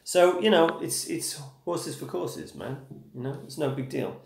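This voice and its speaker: This guitar teacher from England has a slightly high, darkish voice with vocal fry, and he takes his time. He streams live, casual and supportive, checking "okay?" and calling viewers "dude" and "man". A little hiss or hum sits under the echoey room and guitar.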